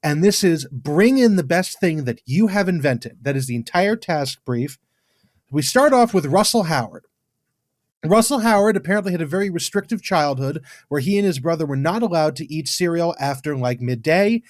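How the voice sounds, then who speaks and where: A man with an English accent, co-hosting a podcast in casual chat, blunt and quick to dismiss, swearing freely. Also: on the high side, expressive, dry recording, clean studio sound. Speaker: podcast co-host.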